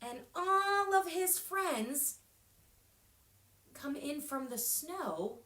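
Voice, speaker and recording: Woman children's librarian, storytime reader, slow and very expressive, slightly high, echoey room. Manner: animated, expressive, with sound effects and whispered asides. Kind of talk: live storytime picture-book reading.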